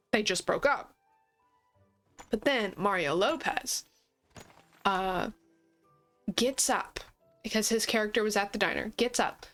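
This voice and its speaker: A woman hosting a gaming video, chatting casually while she plays, animated and often laughing. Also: mid-range voice. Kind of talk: casual chat while playing a game. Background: faint game music.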